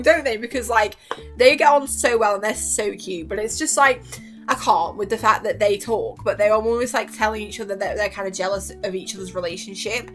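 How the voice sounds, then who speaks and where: Gushing young woman. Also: mid-range voice. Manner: animated, gushing, acts out quotes with laughs. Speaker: YouTuber reviewing a TV series. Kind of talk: excited casual chat.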